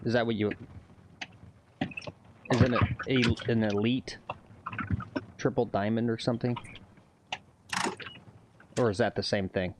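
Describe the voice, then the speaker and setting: A man co-hosting a golf livestream, hesitant and filler-heavy, at an even middle pitch. He is recorded outdoors with clear background noise. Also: slow pace, pauses often. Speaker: co-host. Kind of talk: casual livestream chat.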